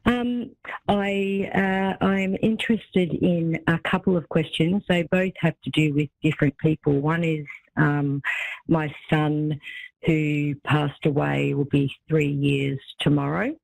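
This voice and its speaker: Woman, Australian accent, radio caller, hesitant, very low voice, dry sound. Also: steady tone, slow, creaky, no echo, low-quality recording. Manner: soft-spoken, hesitant, laughs often.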